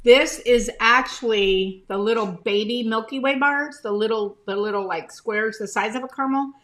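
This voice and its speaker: A woman's voice: on the high side, moderate pace, fairly bright tone, a little hiss or hum. A woman hosting a casual live stream, chatting to viewers by name as she holds items up to the camera, sometimes talking with her mouth full.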